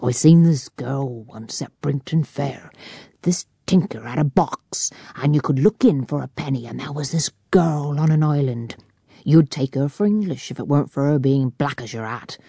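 A woman's voice: rumbling low, vocal fry, dark tone, slightly rough, dry recording, studio quality, heavily acted. A woman doing a blunt rustic working man. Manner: blunt, rustic country speech. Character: brash rough-spoken working-class man, blunt and pushy.

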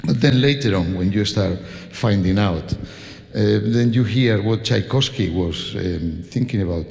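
A man's voice: fairly low pitch, unhurried, creaky. A man from Spain with a Spanish accent, a conductor addressing a concert audience, talking with frequent restarts and laughing asides. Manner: warm, hesitant, laughing asides, many restarts. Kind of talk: spoken introduction to a concert. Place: concert hall stage. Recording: long hall reverb.

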